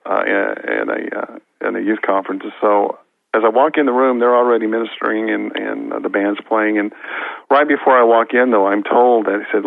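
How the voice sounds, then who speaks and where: A man with a gravelly, creaky voice tells an earnest testimony, stopping and restarting as he acts out what people said. The sound is thin and phone-like. It is dry and close, with no room around it. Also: lowish voice, steady tone, fairly quick, no echo. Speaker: guest minister. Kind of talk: storytelling testimony. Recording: tinny phone-line audio.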